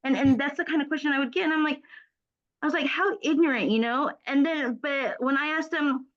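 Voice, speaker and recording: A woman student telling a quick, animated story in a class discussion, peppered with "you know". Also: sits high. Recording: dull lo-fi recording from a distance.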